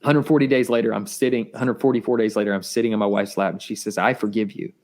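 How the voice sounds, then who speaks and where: Earnest man sharing a halting testimony. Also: fairly low pitch, darkish tone. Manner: earnest, halting, repeats words, voice rises with intensity. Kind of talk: emotional personal testimony.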